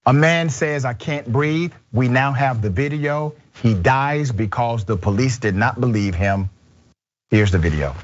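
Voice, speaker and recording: A man's voice: mid-range voice, unhurried, lo-fi sound. A man hosting a political talk show, delivering emphatic commentary. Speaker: host.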